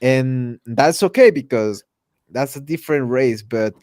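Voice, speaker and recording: A man's voice: mid-range voice, measured pace, darkish tone, dry recording, clean studio sound. A man from Mexico chatting casually on a live stream, laughing often between restarts. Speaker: podcast host.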